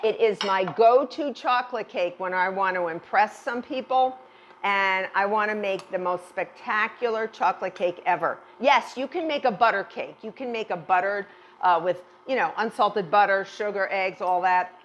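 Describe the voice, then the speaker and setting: A woman's voice: medium pitch, normal speed, dull audio, a little hiss or hum. Chatty, reassuring woman chef teaching baking. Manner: chatty, reassuring, repeats words for emphasis. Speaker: chef demonstrating a recipe. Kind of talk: cooking demonstration.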